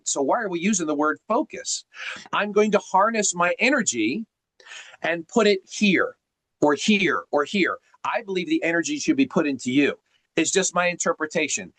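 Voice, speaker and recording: A man's voice: a little high, a bit bright, no room sound, rough recording. A man coaching on a group video call, teacherly and emphatic, firing off rhetorical questions. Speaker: sales coach.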